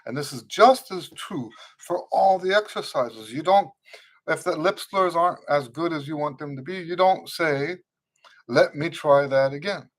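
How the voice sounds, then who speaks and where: A man with a higher-than-usual voice hosts a live trumpet Q&A stream. He talks in a loose, earnest way, circling back and repeating phrases to press a point. Between points he greets viewers by name and reads their comments aloud. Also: animated, moderate pace. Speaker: trumpet teacher hosting a live Q&A. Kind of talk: unscripted live-stream teaching.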